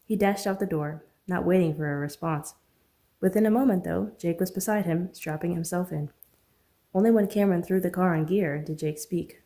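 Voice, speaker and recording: A woman author narrating her own novel as an audiobook, earnest and steady. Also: on the low side, moderate pace.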